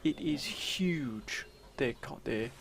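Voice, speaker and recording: A man commentating his strategy game, theatrically addressing viewers as sir and gentlemen. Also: medium pitch, expressive, takes it slowly, creaky, a little hiss or hum. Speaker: let's play commentator.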